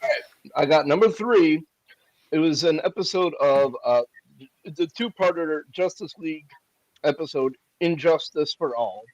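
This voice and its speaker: Higher-pitched man on a dull mic. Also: expressive, a little slow, no echo. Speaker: podcast co-host. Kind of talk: casual chat.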